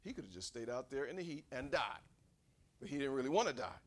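A man preaching a sermon in a church, acting out angry quotes and shouting at the peaks. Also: mid-range voice, animated, fairly quick.

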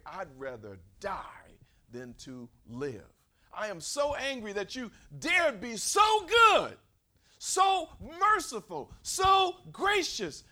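A man preaching acts out a sulking, angry male prophet who complains to God, then shouts in rage. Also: fairly high pitch, gravelly, voice pushed up, heavily acted. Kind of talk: dramatized scripture in a sermon.

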